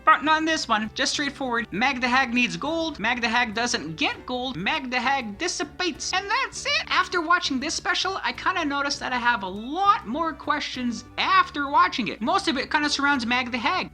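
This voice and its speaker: Woman recapping a cartoon, jokey and chatty, high voice, bit of music behind. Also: sharp tone. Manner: chatty, joking. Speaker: video reviewer. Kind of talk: casual plot recap.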